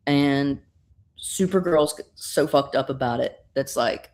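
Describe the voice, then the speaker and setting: A woman recapping a comic book in an animated, casual way, swearing freely and using lots of fillers. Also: rumbling low, takes it slowly. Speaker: guest reviewer.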